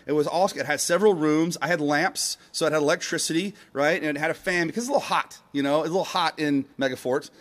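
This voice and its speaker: A man's voice: fairly high pitch, fairly bright tone. A middle-aged man preaching a casual, upbeat sermon to a live congregation, talking loosely with fillers and asides. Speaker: pastor. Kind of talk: conversational sermon. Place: church service before a live congregation.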